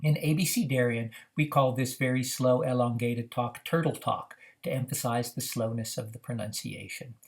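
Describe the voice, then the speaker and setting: A man teaching how to run a reading activity, explaining in a measured way with frequent "uh" fillers. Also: medium pitch, steady tone, gravelly. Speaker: reading program instructor. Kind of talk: instructional demonstration.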